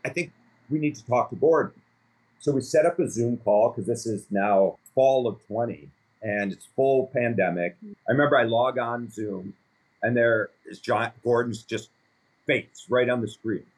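A man in his fifties, a company founder, telling stories in a casual interview, rambling and animated with many fillers. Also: mid-range voice, moderate pace. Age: 50s.

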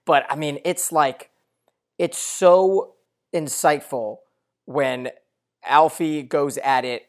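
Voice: mid-range voice, slow pace. A podcast co-host in a casual TV recap, explaining plot points at length in long run-on sentences and arguing their view.

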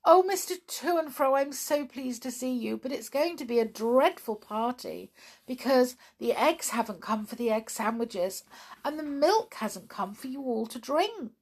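Woman putting on an anxious little toy girl, high and breathless, swooping, storybook reading. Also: lively intonation, unhurried, breathy edge, heavily acted. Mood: alarmed.

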